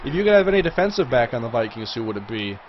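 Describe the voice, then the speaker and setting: A livestream host gives casual live commentary on a game, reacting loudly whenever a big play lands. His middle-pitched voice is very animated and very fast. The audio is a bit dull and lo-fi, with a faint hiss underneath.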